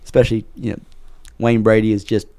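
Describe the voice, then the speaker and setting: Quick, chatty male podcast co-host with a lowish voice, loose and filler-heavy. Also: level tone, mellow. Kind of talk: casual chat.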